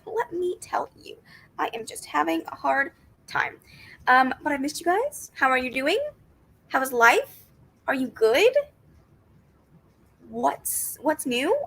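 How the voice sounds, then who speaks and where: A woman's voice: high-pitched, bright, forceful tone, poor audio. A woman hosting a casual book livestream, chatty and upbeat, greeting viewers and answering their comments. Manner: upbeat with frequent laughs and squeals. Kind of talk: casual live-stream chat.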